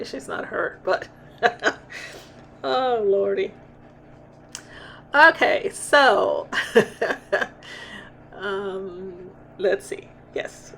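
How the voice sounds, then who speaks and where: A woman's voice: a little high, gravelly, sharp tone, a little hiss or hum. A middle-aged woman, chatting casually in a vlog, laughing often and breaking off mid-sentence. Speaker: vlogger.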